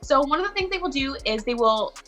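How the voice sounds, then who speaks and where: Upbeat woman teaching mentor, slightly high, bright tone, faint music under. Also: animated, quick pace. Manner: upbeat, encouraging. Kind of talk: instructional video chat.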